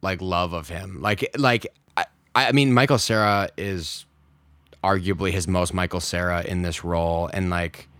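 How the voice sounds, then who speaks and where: A deep-voiced man chatting on a podcast, his talk tumbling out in quick, animated bursts full of fillers and restarts. The sound is close and dry, with no room around it. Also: clean tone, no echo. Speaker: podcast co-host. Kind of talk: casual movie discussion.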